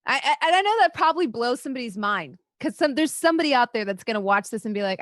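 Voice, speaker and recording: Candid woman in her thirties, higher voice. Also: lively intonation, fast talker, hardly any pauses, fairly bright tone, dry recording, studio quality. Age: 30s. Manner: candid, laughs often, swears freely. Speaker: co-host. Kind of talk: casual chat.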